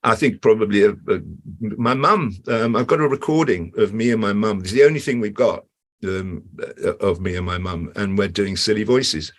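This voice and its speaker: An older British man with a very low, deep voice talks through his story in a loose, rambling way. He restarts his sentences and fills gaps with ums, like a guest settling into a relaxed interview chat. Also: moderate pace. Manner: acts out quoted voices with big pitch jumps. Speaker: guest actor.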